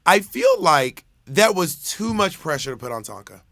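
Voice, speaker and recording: Animated man, bright gravelly voice. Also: high voice, normal speed, few pauses. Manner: animated, rambling with many restarts. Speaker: podcast co-host. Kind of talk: casual chat.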